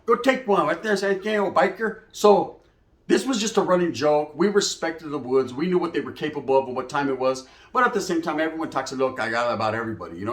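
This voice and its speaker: Streetwise man telling stories, echoey room. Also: fairly high pitch. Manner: streetwise slang, animated, acts out quoted voices. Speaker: podcast host telling prison stories. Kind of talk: casual storytelling monologue.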